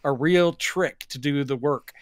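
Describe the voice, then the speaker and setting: A man retelling movie scenes to his co-host at an easy pace, quoting the characters as he goes. His voice is smooth and resonant and sits a little on the high side. The recording is dry and close, with no room sound. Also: unhurried, no echo. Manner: easygoing, recounts scenes, quotes dialogue. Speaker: podcast co-host. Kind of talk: casual movie chat.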